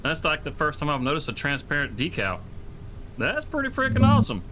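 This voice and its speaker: A man streaming a farming game, chatting casually and excitably, rambling with swears and laughs. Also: fairly high pitch, fairly quick, noisy background.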